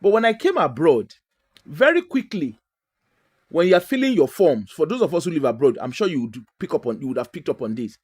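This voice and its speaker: A man from Nigeria with a Nigerian accent, telling stories in a casual, animated way, mixing Pidgin into his English and laughing often. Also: fairly high pitch, brisk, slightly rough. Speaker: guest. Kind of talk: casual storytelling.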